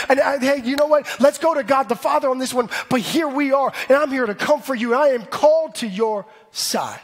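A man in his thirties preaching a sermon in an animated way, building up to shouts. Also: extremely high pitch, brisk, hardly any pauses. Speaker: pastor.

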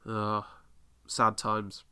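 A British man with an excitable, sweary manner, giving casual commentary while watching an episode. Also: on the low side, very slow, clean tone. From Britain. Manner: excitable, swears freely, reacts aloud. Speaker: podcast host.

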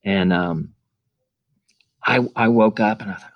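A middle-aged man, a podcast guest, telling a story in a casual, animated way and acting out the dialogue. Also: on the low side, moderate pace, no echo, dull audio. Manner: animated, acts out quoted dialogue.

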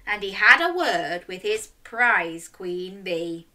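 A young woman reading a children's story aloud and running games, speaking directly to young children in an animated way. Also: medium pitch, slow pace, few pauses.

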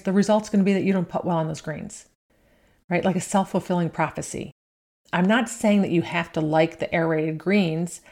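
A woman's voice: on the low side, darkish tone. Chatty woman golf mindset coach. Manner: conversational, often ends with "right?". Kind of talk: instructional talk.

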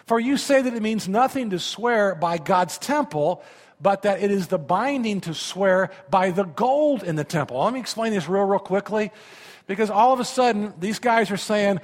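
Fifties male pastor, high voice, animated sermon, stumbles and repeats words, echoing hall. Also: moderate pace. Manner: animated, conversational preaching with repeated words and questions to the listeners. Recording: long reverb of a large hall.

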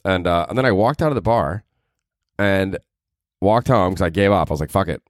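A young man hosts a podcast, telling stories in a casual storytelling monologue that's self-mocking, full of laughter and heavy on swearing. His voice is low and fairly quick, with no echo.

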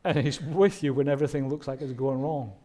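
A man's voice: medium pitch, fairly even intonation, brisk, mellow. A man preaching a Christmas sermon, earnest and direct, often asking the listeners rhetorical questions. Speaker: pastor.

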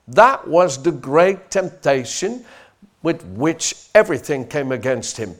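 A male pastor delivering a sermon with a very lively, expressive pitch. He speaks slowly and deliberately, swinging between soft, hushed lines and loud, rising exhortation, and calls on the congregation to respond. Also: gravelly.

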